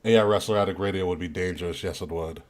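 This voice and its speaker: Chill streamer dude with a lowish voice, mumbling over tech fixes. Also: male voice, fast. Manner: relaxed, mutters while fixing tech. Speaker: podcast host running a live stream. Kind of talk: casual live-stream chat.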